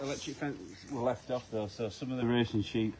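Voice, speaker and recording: A man's voice: mid-range voice, brisk, noisy background. A man, a farm worker chatting casually outdoors, modest and reluctant under teasing. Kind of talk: casual chat.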